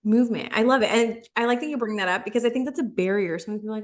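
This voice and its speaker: A woman's voice: fairly high pitch, rapid-fire. A woman co-hosting a podcast in casual chat, explaining health advice in a friendly, practical way.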